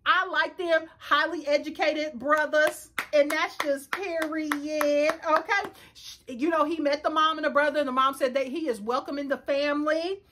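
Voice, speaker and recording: High-pitched sassy lady in her 30s, loud casual recap chat, speeds up and slows down a lot. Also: fairly even intonation, a little hiss or hum. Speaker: reality TV recap host.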